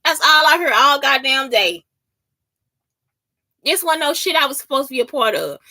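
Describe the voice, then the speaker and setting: A woman's voice: sits high, lively intonation, moderate pace, bright, forceful tone. A woman hosting a podcast in a casual solo monologue, heated and profane, who keeps asking her listeners if they understand. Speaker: podcast host.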